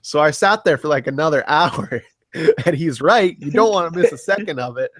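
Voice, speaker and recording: A man co-hosting a casual movie podcast, telling stories in a relaxed way with swearing and laughs. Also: on the high side, moderate pace, no room sound. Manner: laid-back storyteller, swears and laughs. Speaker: podcast co-host. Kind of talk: casual chat about movies.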